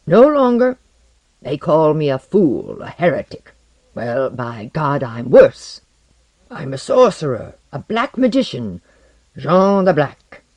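A proud, hot-tempered little alchemist from medieval France, as a storyteller puts him on, swinging from fierce boasts to courtly politeness. The voice climbs high and lively, with a timbre unlike the reader's own, in a dry, close recording. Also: slow, dry recording, lo-fi sound. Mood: passionate. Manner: proud and fiery, then courteous. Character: small proud passionate medieval French alchemist man. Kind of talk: read-aloud storytelling.

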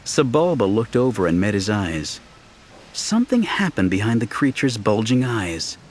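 A man's voice: on the low side, big pitch swings, moderate pace, slight background noise. A man narrating an audiobook, telling the story steadily and shifting his voice for characters.

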